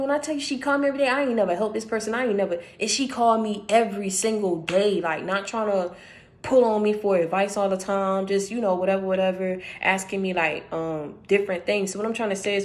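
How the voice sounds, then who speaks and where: Woman preaching casual, slangy, talks to you like a friend, prophetic word vibe. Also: medium pitch. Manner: conversational and preachy, slangy storytelling. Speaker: prophetic speaker. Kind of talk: informal prophetic message.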